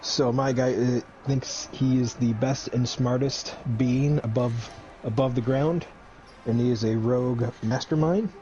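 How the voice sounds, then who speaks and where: A man's voice: medium pitch, fairly even intonation, unhurried, mellow, highs cut off. A man at a tabletop game describing his character casually, with hesitant fillers. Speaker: player.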